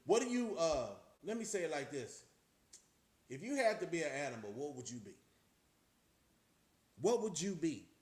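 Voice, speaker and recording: A middle-aged man with a Texas accent holds forth to his camera in a loose, streetwise vlog. He leans on rhetorical questions and slang, and his voice sits a little high for a man. The room gives it a roomy echo. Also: a little mellow. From Austin, Texas. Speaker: vlogger. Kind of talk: casual talking to camera.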